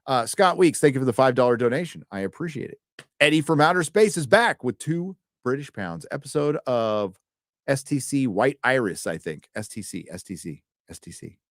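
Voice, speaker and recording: A man's voice: mid-range voice, animated, normal speed, no echo, studio quality. A man hosting a live stream, reading out donations in loose casual chat, swearing freely and tripping over words.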